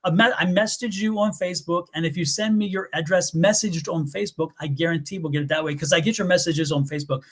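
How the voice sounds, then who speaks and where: A middle-aged man from the US East Coast, hosting a live tarot stream and telling stories in an animated, rambling way full of restarts. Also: on the high side, fast talker, hardly any pauses. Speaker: tarot reader and livestream host. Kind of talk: casual live-stream chat.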